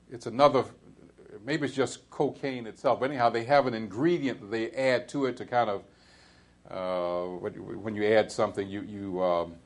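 A man preaching a sermon in a conversational way, pausing and restarting often, then climbing to emphatic high peaks. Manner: halting restarts and fillers. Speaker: pastor.

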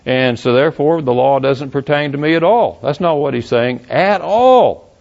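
A man's voice: a little high, lively intonation, moderate pace, gravelly, a little mellow. A man teaching verse by verse from the Bible in an emphatic, questioning manner, rereading passages aloud. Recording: dull lo-fi recording.

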